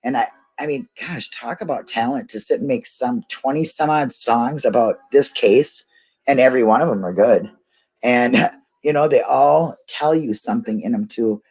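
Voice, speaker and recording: A woman's voice: rumbling low, normal speed, a little mellow, slightly rough. Rambling, laughing woman livestreamer. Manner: rambling, laughs often, talks to chat; emotional, cries easily. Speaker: YouTube livestream host. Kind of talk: casual livestream chat with viewers.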